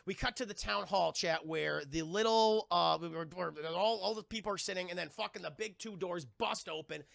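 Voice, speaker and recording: A man recapping a film on a live stream, rambling and profane, talking to his chat and slipping into shouted character bits. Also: high voice, normal speed, creaky, no room sound.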